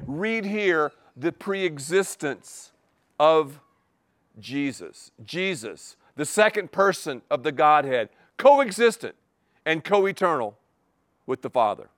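A male pastor delivers his sermon in a high, very expressive voice that rises and falls dramatically. He hammers single words over and over and fires rhetorical questions at the congregation, sometimes stumbling over his own words as he speeds up. The sound is dry and close. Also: slow pace, no room sound. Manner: animated, repetitive emphatic preaching with rhetorical questions.

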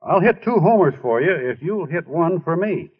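Kind bashful ball player, husky tone, 1940s radio drama, thin tinny recording. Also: male voice, fairly high pitch, animated, moderate pace. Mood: encouraging. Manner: earnest, bashful. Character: earnest young ballplayer, shy and kind. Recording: tinny old radio broadcast.

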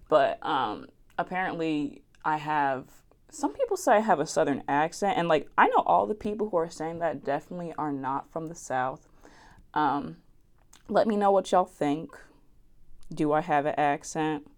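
Low-voiced chatty young woman. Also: animated, moderate pace. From New Jersey. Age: young adult. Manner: chatty, rambling, giggly. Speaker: podcast host. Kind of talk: casual solo podcast monologue.

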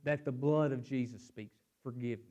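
A man's voice: mid-range voice, fairly quick, highs cut off. A man preaching a sermon and reading scripture aloud. He swings his emphasis up and down and repeats words as he thinks aloud. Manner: animated, rising and falling emphasis.

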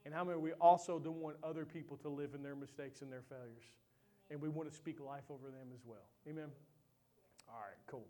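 A man preaching a sermon who tells a personal story in an animated, chatty way with lots of fillers, then closes in prayer. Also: a little high, brisk.

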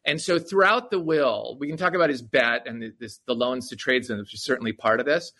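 A man's voice: medium pitch, brisk, sharp tone. A man being interviewed as an author on a podcast, explaining eagerly and often tagging "right?" onto his points. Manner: enthusiastic, explanatory, frequent "right?" asides. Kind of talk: conversational interview.

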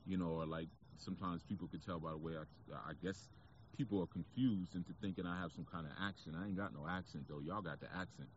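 In a muffled recording with slight background noise, a low-pitched man with a New York accent delivers a casual outdoor spiritual talk to camera. He is reflective and preachy, leaning often on fillers like "you know."

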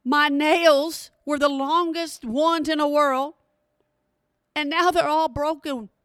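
A woman's voice: high-pitched, fairly even intonation, takes it slowly, fairly bright tone, no echo, studio quality. A woman doing a distraught nail-record lady. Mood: pleading. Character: distraught woman mourning her broken record nails.

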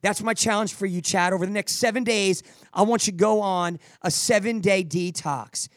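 A middle-aged man hosting a podcast and giving energetic, preachy motivational advice, often repeating words as he restarts. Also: high voice, moderate pace, no echo, clean studio sound. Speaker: podcast host answering listener questions.

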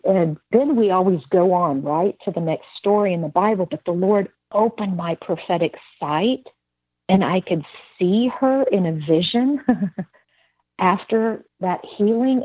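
A woman's voice: medium pitch, measured pace, husky, dry recording. A woman sharing a spoken testimony as a guest, telling her story vividly and acting out the voices of the people in it. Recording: dry tinny phone-like line.

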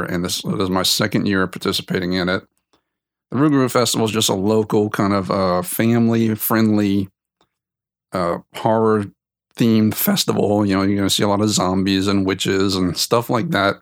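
A man's voice: on the low side, dry recording. A man hosting his podcast in a loose, rambling chat. He corrects himself mid-sentence and chuckles as he goes. The sound is dry and close, with no room around it. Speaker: podcast host. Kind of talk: casual unedited podcast chat.

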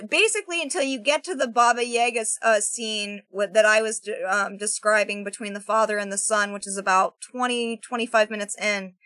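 A woman in casual movie discussion on a podcast, animated and acting out lines from the film. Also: medium pitch, a little fast, few pauses, no echo. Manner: animated, acts out film dialogue.

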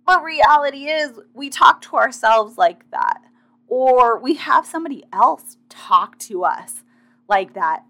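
A woman's voice: high-pitched, animated, measured pace, bright, forceful tone. A woman in a casual motivational monologue, talking directly and chattily to her listeners as a fitness competitor sharing advice.

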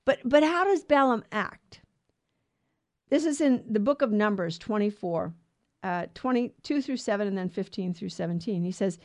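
A woman hosting a radio Bible show, teaching on scripture in an earnest, emphatic way with quick restarts. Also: mid-range voice, lively intonation, a little mellow, dry recording.

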